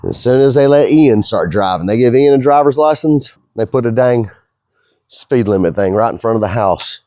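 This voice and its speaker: A man's voice: mid-range voice, lively intonation, normal speed, dark tone, no echo, studio quality. A middle-aged man, the owner of a fabrication shop, talking casually in a rambling, folksy way as he works. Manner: easygoing, rambling, folksy talk.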